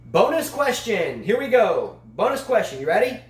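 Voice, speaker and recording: A man's voice: high-pitched, sing-song, moderate pace, reverberant. A man co-hosting a casual tennis chat show, a long-winded, playful storyteller. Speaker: tennis channel co-host.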